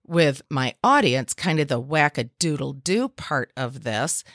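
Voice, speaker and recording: A woman's voice: rumbling low, expressive, unhurried, fairly bright tone, dry recording, clean studio sound. A woman hosting a podcast interview, asking questions and praising her guests in a casual chat. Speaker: podcast host.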